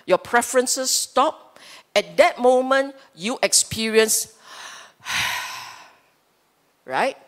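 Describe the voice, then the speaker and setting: A woman with a Singaporean English accent giving a playful, teasing Dhamma talk as a Buddhist teacher, often checking in with her listeners. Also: a little high. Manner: playful, teasing, asks the audience for agreement. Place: temple hall.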